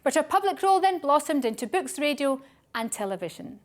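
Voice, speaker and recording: A woman reading a scripted introduction with a lively, sing-song delivery. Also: high voice, brisk. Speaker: narrator. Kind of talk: scripted narration.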